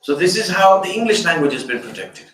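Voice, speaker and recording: A man's voice: sits high, expressive, a little fast, fairly bright tone. An older man, an Islamic scholar, giving an explanatory fundraiser lecture. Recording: echoey room, distant mic.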